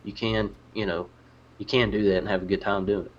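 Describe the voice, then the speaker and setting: A man's voice: lowish voice, flat delivery, fairly quick. A man speaking as a guest in a casual gaming podcast chat, earnest and full of restarts. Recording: dull lo-fi audio.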